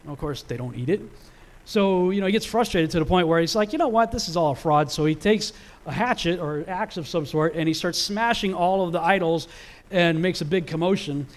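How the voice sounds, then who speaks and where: Conversational man with a higher voice. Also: brisk. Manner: conversational, many fillers and restarts. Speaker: Bible teacher. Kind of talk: casual teaching presentation.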